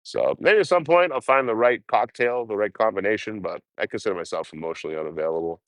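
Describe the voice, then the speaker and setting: Deep-voiced man cursing through casual chat. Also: quick pace, no room sound. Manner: profane, rambling, talks to viewers. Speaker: livestreaming traveler.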